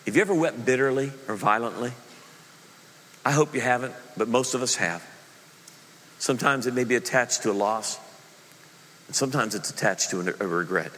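A middle-aged male pastor delivers a sermon with a bright, forceful voice that rings through a church sanctuary with long reverb. He tells his story in an animated way, acting out the voices of the people he quotes. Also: medium pitch. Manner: animated storytelling, acts out quotes, laughs at own slip.

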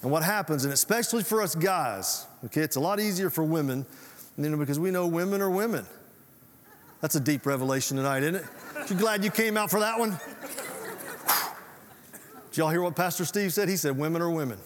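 A man's voice: a little high, brisk, long pauses, slight background noise. A man preaching a sermon as pastor, folksy and conversational, often asking the congregation questions. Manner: folksy, conversational preaching with audience call-outs. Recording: reverberant hall sound.

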